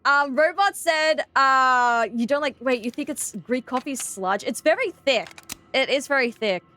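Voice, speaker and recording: A young Australian woman streaming a horror game, chatting excitedly with her viewers. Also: high voice, unhurried. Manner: chatty, excitable, greets chat. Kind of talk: casual gameplay stream chat.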